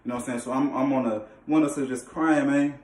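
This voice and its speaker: A man's voice: medium pitch, fairly even intonation, fast talker, darkish tone. A young man telling a personal faith testimony in casual, slangy talk, emphatic and full of repeated phrases and restarts. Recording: echoey room, mic at a distance.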